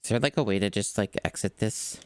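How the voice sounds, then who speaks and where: A man's voice: on the low side, brisk, smooth, dry recording. A man streaming a video game, thinking aloud and chatting to his viewers in a casual, rambling way. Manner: talks to chat, mutters and thinks aloud. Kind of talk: casual gameplay commentary. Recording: game music playing behind.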